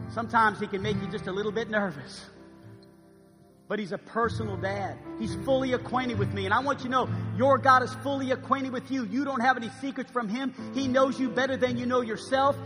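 High-pitched preacher in his fifties. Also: fairly even intonation, brisk. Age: 50s. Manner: preaching with swings from hushed to loud. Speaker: pastor. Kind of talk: sermon. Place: church sanctuary. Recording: live church recording with long reverb and music.

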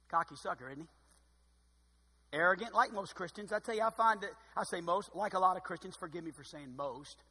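Bright, high-voiced preacher man. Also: fairly quick, breathy edge, big-room sound. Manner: expressive, swings between loud emphasis and quiet asides; dryly sarcastic. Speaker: pastor. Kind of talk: sermon.

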